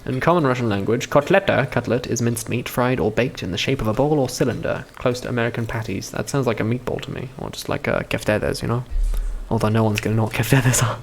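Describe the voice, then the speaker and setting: A man's voice: medium pitch, fast talker, gravelly, slight background noise. Male live streamer, mid-range voice; chatty, profane, stammering commentary. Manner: profane, stammering, laughing often.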